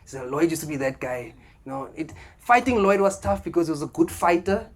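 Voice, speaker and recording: A man's voice: on the high side, expressive, fairly quick. A South African man doing stand-up comedy, chatting with the crowd and acting out voices in his stories. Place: comedy club stage. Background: audience laughter.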